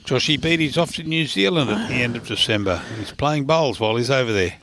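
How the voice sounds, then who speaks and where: A man's voice: mid-range voice, expressive, a little fast, background noise. A middle-aged man with an Australian accent, chatty and teasing as a co-commentator at a lawn bowls match. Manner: chatty, teasing, laughs easily. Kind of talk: casual commentary banter.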